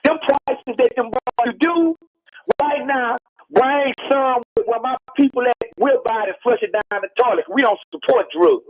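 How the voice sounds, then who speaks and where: Calling a radio program from Texas, this rapper speaks in an extremely high-pitched voice, taking his time while he hammers home the same points again and again. The exchange is a heated phone interview, captured dry over a muffled telephone line.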